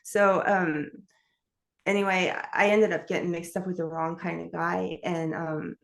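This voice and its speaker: A woman's voice: on the low side, flat delivery, a little slow, vocal fry. A middle-aged woman from New York, candidly telling her life story as an interview guest in a rambling way with frequent laughs. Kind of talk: personal testimony in an interview.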